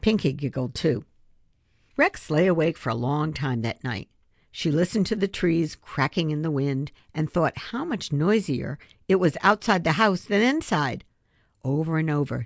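A woman reading a children's chapter book aloud in a steady, expressive way. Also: deep voice, a little slow, no room sound. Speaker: storybook reader.

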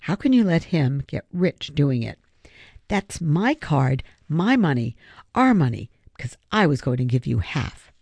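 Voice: mid-range voice, sing-song, a little slow, gravelly, a little mellow, no echo, heavily acted. A reader voicing an eager, determined boy who pleads and insists on his plan, in an audiobook. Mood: pleading. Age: young boy. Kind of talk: audiobook character voice.

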